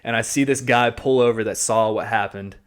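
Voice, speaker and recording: A man's voice: lowish voice, a little fast. A man co-hosting a podcast, telling a story casually and animatedly, swearing and acting out what he said. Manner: animated, swearing, acts out his own past lines. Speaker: podcast co-host.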